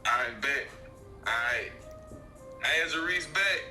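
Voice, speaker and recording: Southern man, bright voice, echoey. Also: on the high side, takes it slowly. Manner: laid-back slangy talk. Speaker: guest sports bettor. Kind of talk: casual livestream chat. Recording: echoey with music behind.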